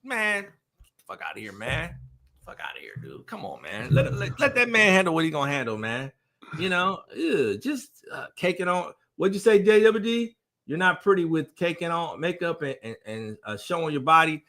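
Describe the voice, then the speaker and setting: A man's voice: a little high, very animated, normal speed, sharp tone. A man hosting a casual podcast chat, ranting emphatically with a lot of swearing. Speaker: podcast host.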